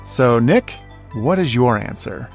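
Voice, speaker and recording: A man's voice: mid-range voice, animated, takes it slowly, vocal fry, faint music behind. A young man co-hosting a podcast in casual chat, asking the question of the week and dropping wry, dry quips. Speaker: podcast co-host.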